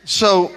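A man pastor preaching a sermon, telling a personal story with animated delivery and acting out conversations. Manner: animated, acts out conversations, laughs at himself. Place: church sanctuary.

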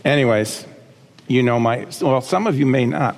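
A man's voice: medium pitch, animated, moderate pace, vocal fry, in a large hall. A man preaching a sermon as pastor, talking conversationally with asides and checking in with the congregation.

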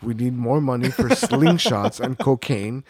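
A man's voice: medium pitch, very animated, a little slow, a crowd in the background. A man co-hosting a podcast in casual chat, profane and rambling, laughing often. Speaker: podcast co-host.

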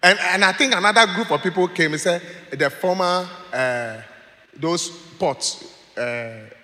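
A man preaching, telling stories in an animated way and laughing as he goes. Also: high-pitched, measured pace. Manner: animated, laughs while telling stories, acts out quoted voices. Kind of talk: sermon with storytelling. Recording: long hall reverb.

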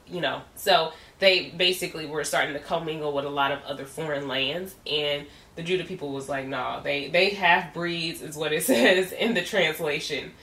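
Low-voiced chatty woman, roomy echo. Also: pushed and bright. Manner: chatty, laughs often, colloquial asides. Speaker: podcast host. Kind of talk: casual devotional teaching. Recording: roomy echo, distant from the mic.

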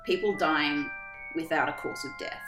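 A woman co-hosting a podcast, recapping a play in a casual, comedic way and acting out the characters' lines in quick, animated bursts. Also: sits low, echoey room, music in the background.

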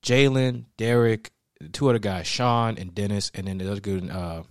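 A young man telling a story in a relaxed, casual chat, acting out other people's lines. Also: fairly low pitch, normal speed, clean tone, dry recording, clean studio sound. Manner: animated storyteller, acts out others' lines loudly.

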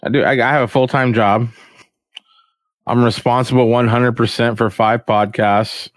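A man's voice: mid-range voice, steady tone, normal speed, no echo. Man, livestream host, slangy, swears a lot, self-mocking, dry close sound. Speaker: podcast host. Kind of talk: rambling casual livestream chat.

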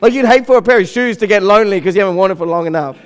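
A man's voice: high-pitched, very fast, smooth. A man, telling a humorous story to an audience and acting out the voices of people in it. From Australia. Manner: animated, acts out the voices of people in his story. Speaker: speaker.

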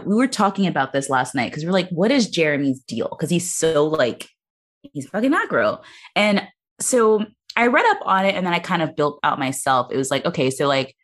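Woman, podcast panelist; low voice, loose analytical chatter. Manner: analytical, rambling, heavy use of "like". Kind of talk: casual chat.

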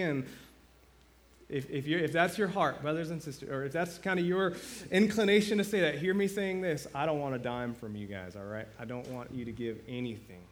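A male pastor preaching a sermon in a conversational way, asking the congregation questions and building to loud, emphatic climaxes. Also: fairly high pitch, normal speed, a little hiss or hum.

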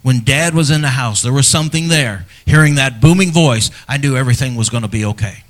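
A middle-aged male pastor preaching in a church, voice at an ordinary middle pitch for a man. He talks earnestly and personally to the fathers in the pews, pushing some lines out loud and dropping others to a hushed near-whisper. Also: a little fast. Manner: dynamic delivery, swinging from loud emphasis to hushed near-whispers. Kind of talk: sermon.

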